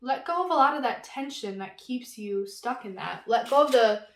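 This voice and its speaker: A woman giving an intuitive tarot reading, talking in a gentle, reassuring and casual way with lots of fillers. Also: fairly high pitch, expressive, normal speed, reverberant, slight background noise. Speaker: tarot reader.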